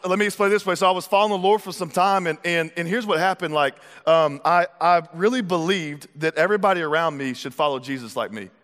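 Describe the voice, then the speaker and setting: A man preaching a sermon as pastor, lively and conversational, with repeated words and acted-out asides. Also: high voice. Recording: long hall reverb.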